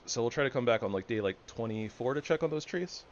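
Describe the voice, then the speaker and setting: A man's voice: medium pitch, fast talker, highs cut off, slight background noise. A man giving casual, rambling commentary over his gameplay, often correcting himself. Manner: rambling, self-correcting, relaxed. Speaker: gamer.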